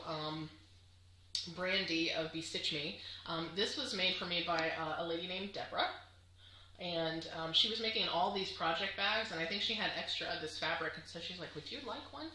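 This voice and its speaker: A woman's voice: lowish voice, sharp tone, reverberant, a little hiss or hum, low-quality recording. A woman chatting casually to camera on her crafting vlog, gushing and chatty with lots of fillers. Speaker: crafting vlogger.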